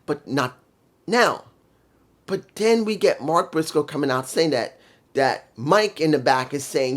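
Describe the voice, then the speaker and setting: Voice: mid-range voice, normal speed. A wrestling show reviewer in a casual review vlog, ranting with real heat and cursing freely. The delivery stays worked up and blunt, pushing point after point. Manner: heated, profane ranting.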